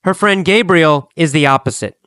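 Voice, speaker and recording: A man teaching an English lesson, speaking slowly and deliberately and repeating phrases for learners to copy. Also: on the high side, fairly bright tone, clear, resonant tone, dry recording. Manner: slow, deliberate, repetitive drilling.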